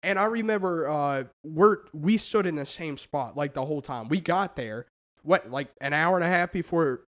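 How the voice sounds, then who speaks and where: A young American man co-hosting a casual podcast, telling an animated story with lots of swearing and acted-out quotes. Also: a little high, normal speed. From United States. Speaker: podcast co-host. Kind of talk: casual chat.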